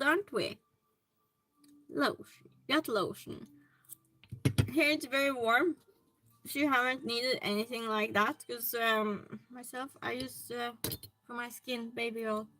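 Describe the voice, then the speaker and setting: A woman's voice: high voice, bright, forceful tone, rough recording. A woman hosting a hobby livestream from her home hobby room, chatting casually and greeting viewers by name as she reads their comments.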